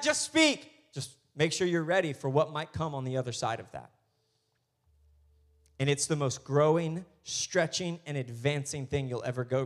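A male pastor preaching a sermon, acting out quoted voices and building to emphatic, loud declarations. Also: very high voice. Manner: acts out biblical voices in quoted lines.

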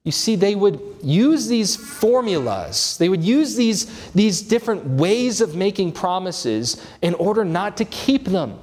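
A man's voice: high voice, sing-song, unhurried, few pauses, darkish tone. A man preaching an expository sermon, earnest and emphatic, his voice rising on key points.

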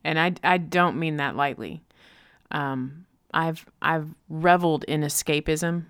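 A woman host with a low, smooth and resonant voice shares her thoughts in a relaxed conversation. She strings repeated words into quick lists. The sound is dry and close to the mic. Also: no echo. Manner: reflective, rapid repeated lists. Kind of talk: conversational podcast talk.

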